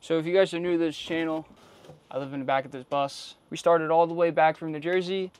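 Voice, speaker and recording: A man from the US East Coast vlogging casually outdoors, telling his story emphatically with sudden louder bursts. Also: a little high, steady tone, fast, noisy background. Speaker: vlogger living in a bus. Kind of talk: casual vlog to camera. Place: outdoors in a city street.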